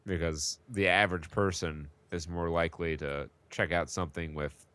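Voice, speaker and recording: A man's voice: low voice, steady tone, normal speed, a bit bright, clean tone, no echo. A man co-hosting a podcast in casual chat, with dry sarcastic humor. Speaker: podcast co-host.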